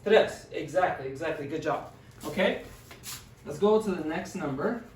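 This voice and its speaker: A man's voice: a little high, lively intonation, normal speed, a little hiss or hum. A man teaching a classroom language lesson, patiently sounding out words and encouraging his students. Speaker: Spanish teacher. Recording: echoey room, distant mic.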